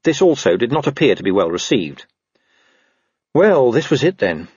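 Lively, husky male audiobook narrator. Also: medium pitch, moderate pace, no room sound, lo-fi sound. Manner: lively, wry storytelling. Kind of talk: scripted narration of a comic fantasy novel.

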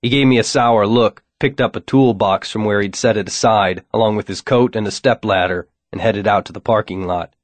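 A man narrating a novel in the first person with a wry, deadpan delivery. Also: fairly low pitch, brisk, hardly any pauses, dry recording. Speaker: audiobook narrator.

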